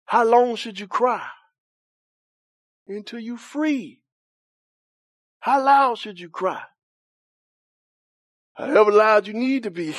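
A man's voice: sits high, lively intonation, measured pace, long pauses, no echo. A man preaching a sermon, questioning and bantering with his congregation in folksy church vernacular, often laughing.

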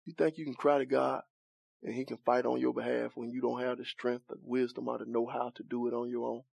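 A man's voice: medium pitch, flat delivery, a little fast, gravelly, darkish tone, no echo. A man preaching a sermon, questioning and bantering with his congregation in folksy church vernacular, often laughing.

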